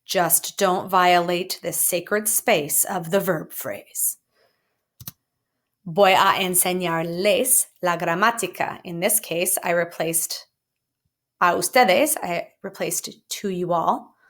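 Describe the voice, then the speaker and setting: A woman teacher talks through a grammar lesson in a recorded video. Her voice sits a little low for a woman. She keeps it playful and jokey, now and then jumping up high for emphasis. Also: slow pace. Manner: playful, jokey explanations with lively swoops up. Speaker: Spanish teacher.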